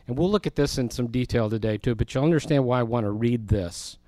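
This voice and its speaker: A man leads a Bible study, talking in an easy, conversational way. He stops to explain words and throws questions to his listeners. His voice is mid-pitched and sounds dry and close, with no room echo. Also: fast talker, mellow. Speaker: Bible teacher.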